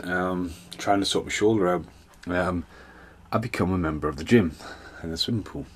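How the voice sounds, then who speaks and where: Sweary rambling man, lowish voice. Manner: rambling, sweary, animated storytelling. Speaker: podcast host. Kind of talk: casual solo rant.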